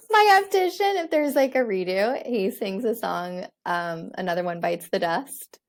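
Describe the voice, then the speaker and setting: A woman guest on a podcast, chatting in an animated way and laughing easily. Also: mid-range voice, a little slow. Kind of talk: casual conversation.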